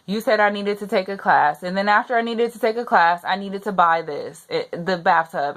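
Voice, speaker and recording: A woman's voice: mid-range voice, a bit bright. A young pregnant woman venting her frustration in a personal rant to the camera, repeating herself as she gets upset. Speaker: vlogger.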